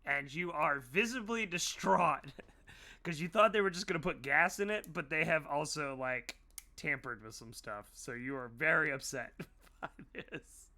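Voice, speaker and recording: A man narrating a tabletop role-playing game as game master, laughing often and slipping into quick character voices. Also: a little high, sharp tone.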